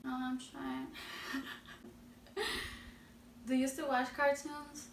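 An eighteen-year-old woman with a Spanish accent, chatting slowly and giggling through a casual Q&A. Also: high voice, level tone, gravelly. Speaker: vlogger answering questions. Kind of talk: casual Q&A chat. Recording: roomy echo, distant mic, faint noise.

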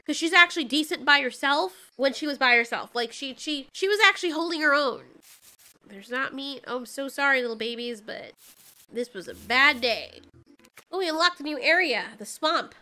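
A woman commentating live as she plays a video game, reacting loudly and swearing at the game in exasperation. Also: high voice, expressive, moderate pace. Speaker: gaming channel host.

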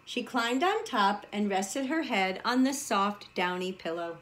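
A woman preschool teacher reading a storybook aloud to young children, animated and asking the children questions as she goes. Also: mid-range voice, measured pace, hardly any pauses. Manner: animated, addresses the children directly.

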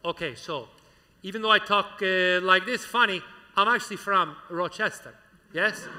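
A man's voice: high-pitched, pushed and bright, in a large hall. A man playing a showy, sentimental Italian gondolier with a put-on Italian accent and broken English, chatting to a live audience on a school auditorium stage. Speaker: stage entertainer. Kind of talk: live comic stage patter.

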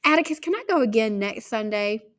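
A woman voicing a feisty young tomboy girl in a storybook reading, indignant and quick to shout. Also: a little high, lively intonation. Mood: earnest.

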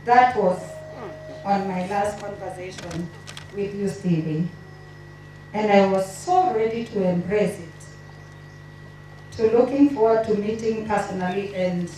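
Tearful woman giving a eulogy, slow and mellow, recorded from far off in an echoey hall. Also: mid-range voice, slight background noise. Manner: emotional, halting delivery. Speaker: family member giving a eulogy. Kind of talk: reading tributes at a memorial service. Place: memorial gathering in a large hall.

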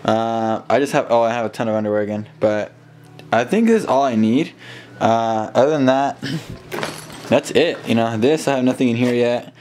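A young man casually narrating his day to a handheld camera in a loose, rambling way, his throat a little rough. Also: mid-range voice, a little fast, darkish tone, roomy sound, a little hiss or hum. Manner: rambling, easygoing, self-talk to camera. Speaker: vlogger. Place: car, then at home indoors.

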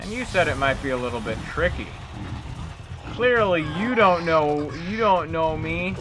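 A man's voice: on the high side, sing-song, unhurried, background noise. A man giving playful gameplay commentary as a streamer, joking and talking back to the game characters. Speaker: let's play streamer.

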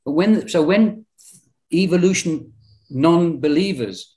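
A man's voice: a little high, takes it slowly, a little mellow. A man with a British accent presenting in a Bible study discussion, insistent and argumentative with frequent restarts. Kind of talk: lecture-style group discussion.

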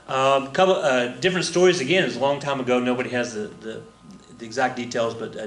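A man's voice: mid-range voice, fairly bright tone. A man teaching a history lesson in a casual, rambling way, with lots of fillers, restarts and chuckles. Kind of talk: casual recorded lecture. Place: room with a flag on the wall. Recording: echoey room.

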